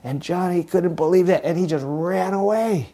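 A pastor delivers a sermon to a mixed congregation. His voice is mellow and warm, and he talks in a relaxed, conversational way as he tells a parable. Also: sits high, moderate pace. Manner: storytelling, conversational.

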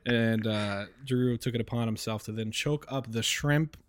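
A man co-hosting a podcast in casual chat, teasing his friend in a dry, low-key way. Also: moderate pace, no echo. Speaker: podcast co-host.

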